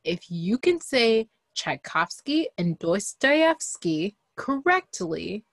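A young adult woman co-hosting a casual podcast chat, animated and emphatic. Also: medium pitch, slow pace, dry recording. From Liberian family. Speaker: podcast co-host.

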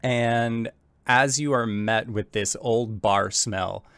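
A man narrating a tabletop game as game master, describing scenes in a relaxed way full of fillers. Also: mid-range voice, slow pace, clean tone, dry recording.

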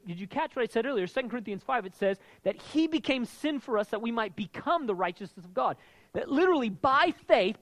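High-voiced man preaching conversationally. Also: no echo, rough recording. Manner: conversational preaching with frequent restarts and "right?" asides. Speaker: pastor. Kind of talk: sermon.

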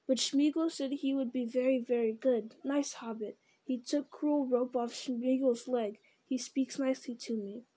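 A pitiful, greedy male creature bickers with himself in a whining, wheedling murmur, put on by a woman reading a storybook. The voice sits a little high yet dark and mellow in tone. It stays narrow in its rise and fall. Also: steady tone, measured pace, few pauses, husky. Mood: pleading. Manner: whining, wheedling, hissing repetitions. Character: wretched creature, male, split into two bickering selves.

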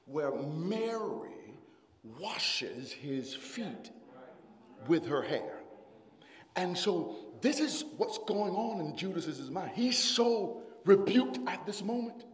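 High, lively preacher, big hall. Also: male voice. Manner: rises into shouted, sung-out preaching, then apologizes and calms. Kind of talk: sermon. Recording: hall reverb.

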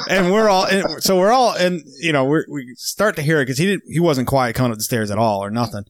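A man hosting a podcast, easygoing and quick to chuckle while he tells his own boot camp story. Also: a little high, lively intonation, no room sound. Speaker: podcast host. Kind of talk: casual chat.

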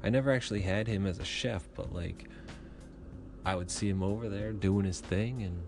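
A man's voice: on the low side, moderate pace, creaky, over music. A man telling a rambling, profane comic story with chatty asides.

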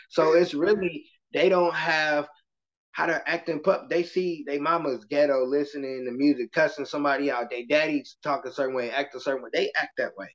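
A man with a slightly high voice talks casually as a guest and tells classroom stories, slipping into voices as he goes. The audio sounds dull and muffled, like a lo-fi podcast recording. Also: normal speed. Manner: animated storytelling, slips into voices of kids and adults. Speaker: kindergarten teacher, guest. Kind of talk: casual interview conversation.

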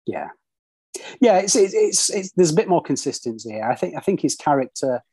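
Host, man, 40s, husky, mid pitch, chatty and rambling, dry close sound. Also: big pitch swings, a little fast, dark tone, no room sound. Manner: chatty, many restarts and tag questions. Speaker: podcast host. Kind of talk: casual film discussion.

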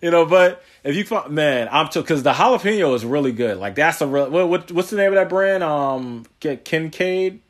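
A man hosts a podcast in loose, easygoing conversation. His voice sits a little high for a man, and he rambles through stories, laughing often. He drops slangy asides along the way. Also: lively intonation, normal speed, hardly any pauses. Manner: slangy, says yo and man a lot. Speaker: podcast host. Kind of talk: casual chat.

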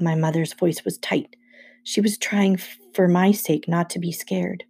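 A woman reading a first-person novel aloud with brisk storytelling. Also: lowish voice, fairly even intonation, gravelly, a little mellow, slightly rough. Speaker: audiobook reader.

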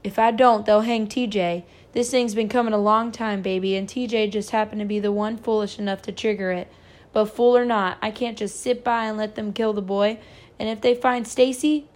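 A woman's voice: medium pitch, fairly even intonation, moderate pace, natural voice. A woman reading aloud, voicing an angry, protective father who speaks firmly. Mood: stern. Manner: firm, scolding, protective. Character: stern angry father, a farmer.

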